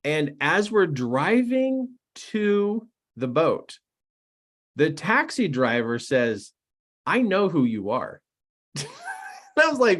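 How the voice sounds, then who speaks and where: A middle-aged man, a personal development coach, telling stories and giving a motivational talk in an excitable, animated way. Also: high voice, takes it slowly, pauses often. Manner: animated and excitable, laughs at his own stories. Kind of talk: storytelling to camera, motivational talk.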